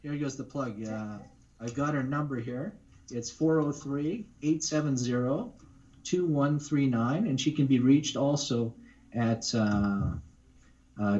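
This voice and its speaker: A man's voice: medium pitch, a little mellow, lo-fi sound. A man, a voice actor, talking casually in an interview, rambling with many fillers and restarts. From Canada. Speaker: guest voice actor.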